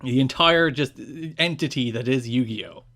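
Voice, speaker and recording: A man's voice: mid-range voice, moderate pace, bright, forceful tone. Opinionated male podcast co-host. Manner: detailed, opinionated explaining with restarts. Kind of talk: casual podcast chat.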